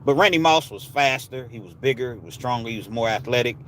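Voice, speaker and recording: Here a man runs a live stream, swapping casual stories and banter with viewers in laid-back street slang. His medium-pitched voice is animated and quick, with a fairly bright tone and slight background noise.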